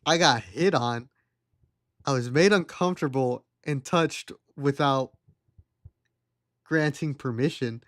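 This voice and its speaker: A man's voice: medium pitch, takes it slowly, long pauses. A young adult man streaming live, telling a rambling story and laughing at it.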